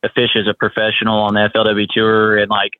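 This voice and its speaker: A man being interviewed as a guest angler, talking in a relaxed, rambling way with many restarts. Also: fairly low pitch, fast, no echo. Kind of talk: casual interview. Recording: tinny phone line.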